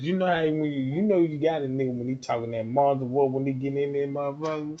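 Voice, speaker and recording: A man hosting a livestream, ranting crudely and loudly for laughs. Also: mid-range voice, fast talker, hardly any pauses, low-quality recording. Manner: loud, animated, profane, often laughing. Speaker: livestream host. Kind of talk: crude comedic rant.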